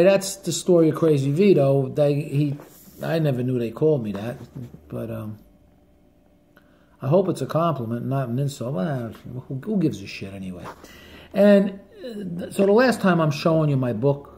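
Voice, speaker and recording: A man's voice: fairly high pitch, dark tone. Salty older New Jersey man telling stories. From northern New Jersey. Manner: salty, blunt, swears freely. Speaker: barber and author telling stories. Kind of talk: casual storytelling to camera.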